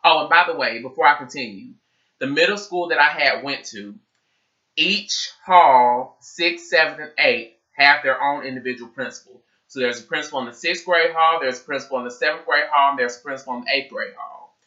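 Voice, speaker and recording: A man vlogger telling a casual storytime with animated, cussing delivery. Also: mid-range voice, fairly quick, dull audio. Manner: animated, profanity-laced storytelling.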